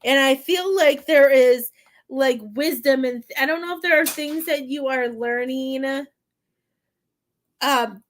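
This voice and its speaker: A woman's voice: high-pitched, slow. A woman giving a psychic medium reading on a live stream, talking in a hesitant, rambling way with many fillers and often getting choked up. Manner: emotional, gets choked up.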